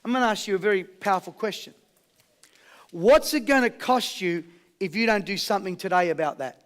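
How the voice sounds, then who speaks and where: High-pitched rallying Australian man. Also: a little fast. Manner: high-energy, rallying the crowd with questions and call-and-response. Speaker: motivational speaker. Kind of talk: motivational seminar talk to a live audience.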